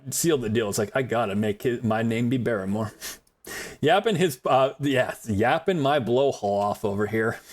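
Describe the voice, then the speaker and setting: A man streaming a survival game live, rambling on in casual commentary and laughing often, a self-described yapper. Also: medium pitch. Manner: chatty rambler, calls himself a yapper.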